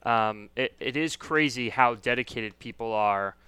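A man's voice: mid-range voice, measured pace, pushed and bright, clean tone, no room sound. A man hosting an interview, chatty and asking lots of questions with frequent restarts. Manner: chatty, asks many questions, restarts a lot. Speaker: podcast host. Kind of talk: casual interview chat.

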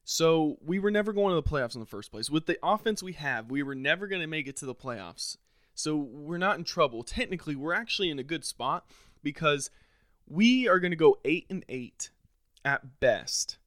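A man hosting a podcast, delivering a frustrated, sarcastic solo rant with sudden leaps up in pitch and loudness. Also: animated, normal speed, no room sound, studio quality. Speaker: podcast host.

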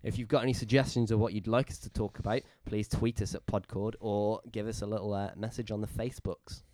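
A man's voice: on the low side, level tone, fast talker, mellow. A young man hosting a casual podcast, chatty and laughing as quizmaster. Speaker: podcast host.

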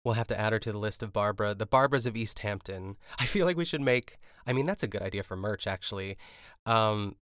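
A man from Pittsburgh hosts a casual solo podcast, recapping a cooking show in a rambling, chatty style full of fillers and laughter. His voice is fairly low, quick, and a bit bright, with a clean, echo-free, studio-quality sound.

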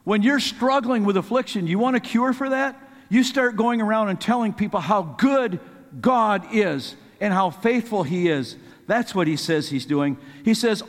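A high-pitched man delivers an earnest sermon, his voice climbing into fervent pleading whenever he reads from scripture. The sound carries a long echo, as if it were recorded in a large hall. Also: normal speed. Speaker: preacher.

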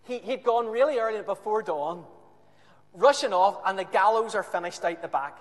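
A man preaching a sermon, retelling a scripture story with animated, emphatic repetition. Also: sits high, normal speed. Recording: echoey hall.

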